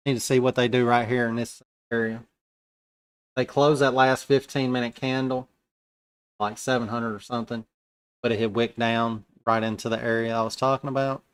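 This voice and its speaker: This is live commentary from a man trading futures, who reasons aloud in relaxed, colloquial language heavy on slang. His pitch is ordinary, his tone clean, and his speed normal.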